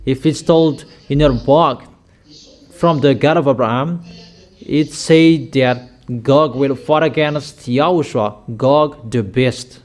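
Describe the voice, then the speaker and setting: A man preaching a sermon with slow, emphatic declarations, often repeating his lines for weight. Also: medium pitch, darkish tone.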